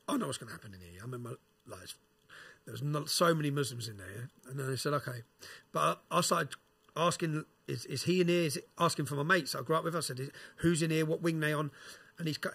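A man telling a prison story as a podcast guest, animated, swearing and using slang. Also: fairly high pitch, husky. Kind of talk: casual storytelling.

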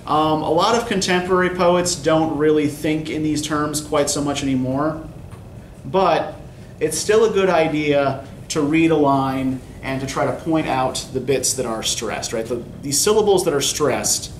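A college English instructor with a fairly high voice lectures a poetry class at a measured pace, habitually checking in with students by asking "right?". He's recorded from far off in an echoey classroom with faint noise.

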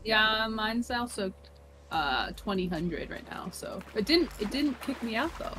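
A woman's voice: fairly high pitch, lively intonation, unhurried, background noise. A woman playing a game with friends on a stream, chatting playfully and giggling. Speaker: co-player. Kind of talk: casual gaming chat.

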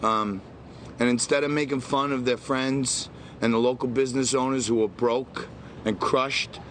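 A man's voice: mid-range voice, fairly even intonation, moderate pace, a bit bright, slight background noise. A man from Staten Island in a played clip, delivering an earnest, indignant rant. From Staten Island, New York.

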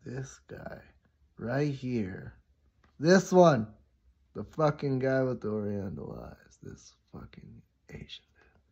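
A man's voice: mid-range voice, expressive, slow pace, darkish tone, husky, full character voice. Rude college guy, taunting, slips into whispers; a man plays him, lo-fi sound.

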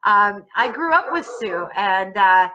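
A woman psychic speaking from home in a casual live-stream chat, gentle and reassuring with her viewers. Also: medium pitch, lively intonation, slow pace, lo-fi sound, slight background noise. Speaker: professional psychic.

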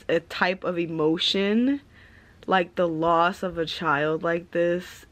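Young woman book vlogger; tearful, crying while talking to camera. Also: lowish voice. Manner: tearful, emotional, repeats herself. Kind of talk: casual vlog talk to camera.

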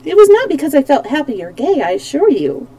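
A woman voicing a shy, dainty fairy girl who speaks softly and pleadingly, read from a storybook. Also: high voice, big pitch swings, brisk, no room sound, voice pushed up. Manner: soft, timid, pleading.

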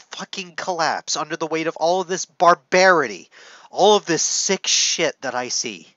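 A choked-up man speaks slowly and haltingly to camera, pausing often, cursing and restarting his sentences as emotion gets the better of him. His voice sits fairly high for a man. The recording is dry but dull and muffled. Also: bright, forceful tone, no room sound. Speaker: content creator. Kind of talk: heartfelt confessional talk to camera. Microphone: camera setup.

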